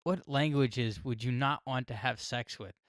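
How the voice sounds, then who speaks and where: A man's voice: mid-range voice, measured pace, no echo, studio quality. A man co-hosting a casual sports podcast, rambling through stories, swearing casually and laughing often. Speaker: podcast co-host.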